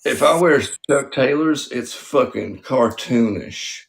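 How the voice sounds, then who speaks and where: Crude comedy host guy, gravelly creaky voice, self-deprecating and sweary. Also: medium pitch, expressive. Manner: profane, self-deprecating, quick jokes. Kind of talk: crude casual comedy banter.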